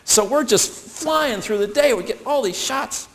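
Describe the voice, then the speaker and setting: A man's voice: very high voice, animated, measured pace, fairly bright tone. A man telling a funny story to an audience, acting out the voices of the people in it. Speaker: speaker.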